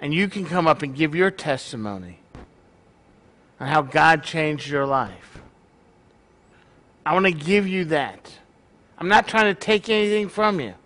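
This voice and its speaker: A man's voice: a little high, animated, measured pace, long pauses, a bit bright. A male pastor preaching a sermon in a joking, conversational way to his congregation.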